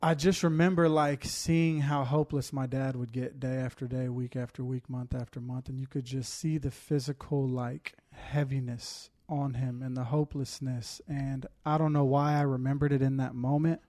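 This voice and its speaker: A man talks through a heartfelt personal testimony, his voice mellow and dark in tone. His pitch stays flat and steady while he pauses with fillers and holds back tears. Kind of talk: casual testimony chat.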